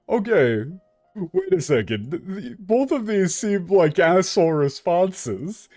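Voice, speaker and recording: A man giving casual, animated commentary on a game stream, who laughs often while comparing two translations of a scene. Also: high-pitched, takes it slowly, faint music behind.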